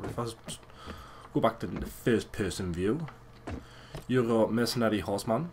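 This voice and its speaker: A young man giving casual, crude and excitable commentary over a video game. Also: lowish voice, normal speed, slight background noise. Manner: crude, swearing, excitable and joking. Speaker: let's play gamer.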